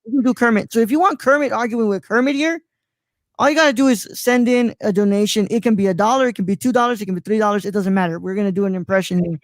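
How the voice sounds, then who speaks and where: With a high voice and fast delivery, a twenty-something Mexican man chats casually on a live-stream, rambling and fumbling names amid lots of fillers. The audio has no echo.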